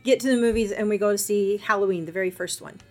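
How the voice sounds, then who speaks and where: A middle-aged woman, a guest on a podcast, telling a personal story in a casual, animated way and acting out the other people's lines. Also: mid-range voice, quick pace, faint music behind. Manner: animated, acts out quoted voices.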